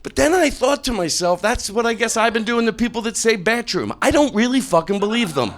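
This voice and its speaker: A man's voice: extremely high pitch, animated, brisk. A man with a Philadelphia accent doing improvised stand-up on a club stage, rambling in a mock-earnest way and cutting himself off mid-thought. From Philadelphia, USA. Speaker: stand-up comedian.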